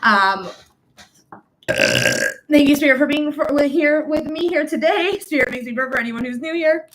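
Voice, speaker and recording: A woman's voice: high-pitched, animated, normal speed, fairly bright tone, poor audio. A woman psychic reader hosting a live stream, chatting casually and welcoming viewers by name over and over. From United States.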